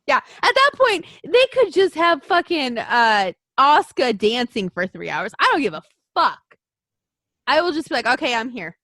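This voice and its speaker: A woman co-hosting a podcast in casual chat, excitable and gushing, swearing freely. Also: high-pitched, moderate pace, dry recording, clean studio sound. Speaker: podcast co-host.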